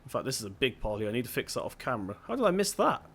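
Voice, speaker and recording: Very fast and full of big pitch swings, this young man's medium-pitched voice is creaky, a bit bright and edged with breathiness. As host of a gaming video, he gives chatty, rambling let's-play commentary, often pausing to correct himself.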